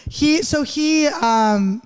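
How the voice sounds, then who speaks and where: Female comic guest from Philadelphia, thirties, fast and joking, does voices of the people she quotes. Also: sits high, darkish tone. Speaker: comedian guest. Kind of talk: casual podcast storytelling.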